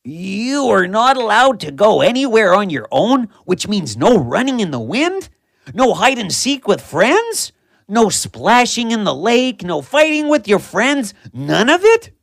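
A woman's voice: medium pitch, very animated, measured pace, creaky, no echo, clean studio sound, heavily acted. A woman voicing a cold, hungry, grumpy male wolf in a children's story. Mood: defiant.

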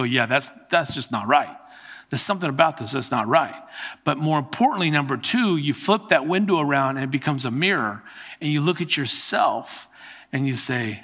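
A man's voice: medium pitch, a bit bright, breathy edge. A man preaching a sermon as pastor, reading scripture aloud and pleading earnestly with his congregation. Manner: reads scripture aloud with asides.

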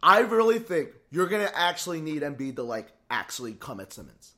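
High lively guy on a sports podcast, trips over his words, swears a lot, gets worked up. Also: fairly quick. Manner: excitable, stammering restarts, swears freely. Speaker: podcast co-host. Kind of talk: casual sports chat.

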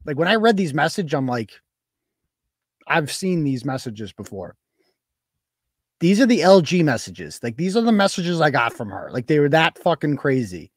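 A man hosting a live-stream show, giving profane, sarcastic commentary in an animated way. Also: fairly high pitch, brisk, few pauses, no room sound, clean studio sound. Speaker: show host.

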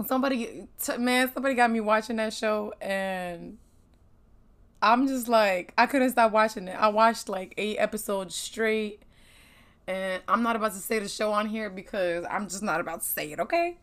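A woman's voice: medium pitch, steady tone, moderate pace. A woman hosting her own podcast in casual chat, laughing often and a bit sniffly from allergies. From United States. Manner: chatty, laughing, Southern slang. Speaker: podcast host.

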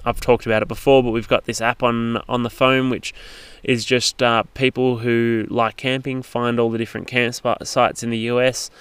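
A man's voice: mid-range voice, little pitch movement, normal speed, a bit bright, smooth, no room sound. A man casually narrating a travel story, rambling along with frequent fillers and restarts. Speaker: travel vlogger.

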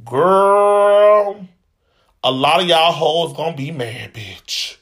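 Taking it slowly, a male vlogger offers casual reality-TV commentary, dishing out sassy, profane gossip in a voice that sits high for a man. The tone stays bright and sharp, and he's dramatic and opinionated from start to finish.

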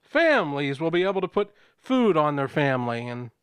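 Gruff tired gunman read by a man, high, lively voice, flat delivery, dry sound. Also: moderate pace, no room sound. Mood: resigned. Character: weary male gunman holding a hostage. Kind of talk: comedic script read-through.

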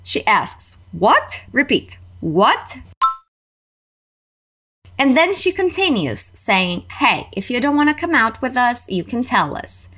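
A woman with a Canadian accent teaching an English lesson and repeating phrases slowly for learners. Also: a little high, big pitch swings, a bit bright. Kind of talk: slow, clear language lesson.

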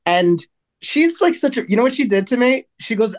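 A man co-hosting a podcast in casual chat, talking in a relaxed, rambling way with lots of "like". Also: high voice, a little fast. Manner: relaxed, rambling with many "like" fillers. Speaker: podcast co-host.

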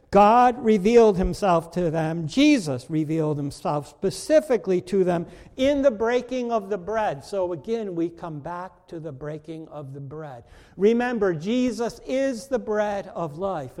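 A male pastor delivers a sermon in a high, clear-pitched voice. He speaks slowly and emphatically, pausing for weight. The sound carries the long reverb of a church sanctuary. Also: a little mellow. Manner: slow, emphatic preaching with dramatic pauses.

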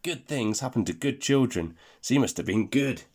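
A man's voice: mid-range voice, animated, normal speed, darkish tone, lightly acted. A man voicing a cheerful, chatty male spaceman guide in a read-aloud storybook, breezy and encouraging. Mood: cheery.

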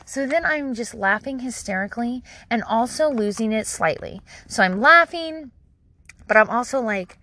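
Woman, 30s, bright tone, casual candid vlog storyteller who swears easily. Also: a little high, lively intonation, moderate pace. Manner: candid, chatty, self-deprecating, swears casually. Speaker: parent vlogger.

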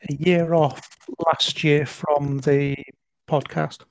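A man hosting a podcast, asking open questions in a relaxed, informal chat. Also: fairly high pitch, takes it slowly, creaky, dry recording. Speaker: podcast host. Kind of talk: casual interview chat.

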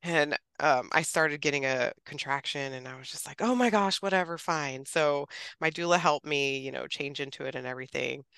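A woman in her thirties telling a personal story as a podcast guest, chatty and animated, acting out what others said and laughing often. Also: rumbling low, normal speed, creaky, clean tone, no echo. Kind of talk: casual storytelling.

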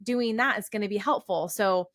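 A woman's voice: medium pitch, normal speed, a bit bright, no room sound, studio quality. A woman hosting a podcast, talking in a reflective, earnest way. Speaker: podcast host. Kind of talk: casual podcast conversation.

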